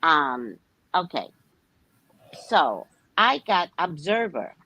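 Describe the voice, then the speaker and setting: A woman co-hosting a live tarot reading, chatting casually and telling stories in an animated, expressive way. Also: low-pitched, slow, dull audio. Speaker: tarot reader co-host.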